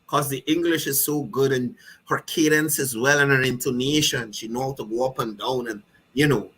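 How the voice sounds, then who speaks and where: A man's voice: medium pitch, moderate pace, fairly bright tone, slightly rough, poor audio. A man with a Guyanese accent giving fiery, mocking political commentary. He keeps repeating himself and asking the listener if they understand.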